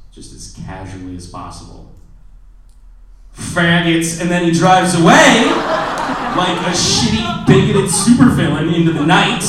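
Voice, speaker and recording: A man in his twenties doing a stand-up comedy set, self-deprecating, dropping to a low mutter and then bursting into loud shouted bits. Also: heavy reverb, distant mic, a little hiss or hum, poor audio. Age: 20s. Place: comedy club stage. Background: audience laughter.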